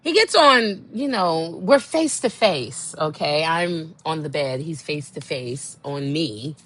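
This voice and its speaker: A young woman hosts a podcast, telling a candid story in a blunt, exasperated way. She speaks slowly and animatedly in a slightly bright voice, dropping to low murmurs and then jumping to high outbursts.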